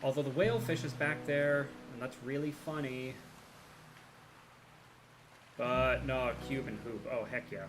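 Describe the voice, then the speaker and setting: A baritone man chatting casually and a little self-deprecatingly while livestreaming a game. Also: a little slow, pauses often, noisy background. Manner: rambling, self-deprecating, playful. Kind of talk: casual chat while gaming.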